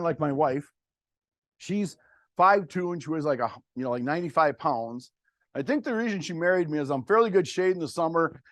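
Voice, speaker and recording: A man's voice: on the high side, dry recording, clean studio sound. A middle-aged man, giving a plainspoken, folksy workshop talk to farmers about cover crops. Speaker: cover crop agronomist.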